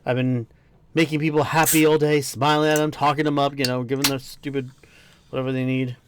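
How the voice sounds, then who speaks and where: A man's voice: mid-range voice, little pitch movement, a little fast, a little hiss or hum. A young man reading a manga aloud and reacting casually, tired after work, swearing, laughing and easily sidetracked. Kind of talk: casual read-along reaction. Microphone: dry home mic.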